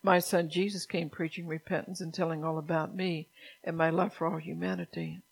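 Fervent preaching woman, flat delivery. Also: fairly low pitch, brisk, gravelly, slightly rough, low-quality recording. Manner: fervent, scolding, rising to loud emphatic bursts. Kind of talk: sermon.

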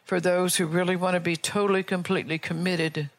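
A woman's voice: on the low side, flat delivery, fairly quick, no room sound. An older woman preaching a fervent sermon, firing off rhetorical questions and often restarting or repeating her words as she builds to an altar call.

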